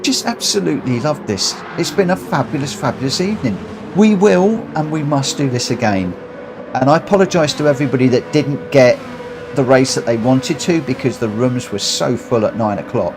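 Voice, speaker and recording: A man streaming a racing game to his viewers, breathless, excited and heartfelt as he reads out the results. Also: mid-range voice, normal speed. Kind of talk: live game commentary. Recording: clear background noise.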